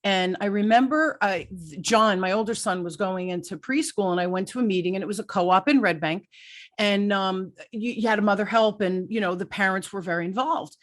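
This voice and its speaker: A middle-aged woman hosting an interview, who tells stories in a lively way and often checks in with "right?". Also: medium pitch, a little fast. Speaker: podcast host. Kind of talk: conversational interview.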